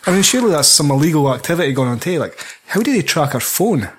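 A man's voice: on the high side, sing-song, fast, slight background noise. A young man co-hosting a podcast, talking bluntly and crudely about a film with laughter. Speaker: podcast co-host. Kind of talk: casual film review chat.

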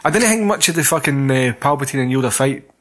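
A man's voice: mid-range voice, expressive, quick pace, a bit bright. A young Scottish man co-hosting a casual film chat, joking and swearing. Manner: laughs often, sweary, banters. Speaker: podcast co-host.

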